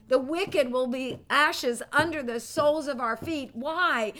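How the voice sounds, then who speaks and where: Woman church teacher, slightly high voice, animated storyteller. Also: a little slow, few pauses. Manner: animated, storytelling, breaks into laughter. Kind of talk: teaching a ministry class.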